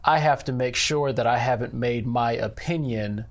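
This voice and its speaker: Earnest man talking about faith. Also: mid-range voice. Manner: earnest, measured, frequent "you know" fillers. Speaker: ministry director. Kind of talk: faith interview conversation.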